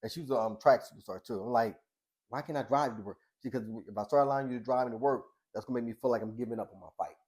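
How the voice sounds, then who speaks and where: A middle-aged man speaking at an ordinary, mid-range pitch as he tells a heavy personal story to a podcast host. His speech is colloquial and earnest, full of restarts and acted-out quoted dialogue. At times his voice sinks to a hush. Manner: halting with restarts, softening to a hushed voice. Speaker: boxing coach and social worker, podcast guest.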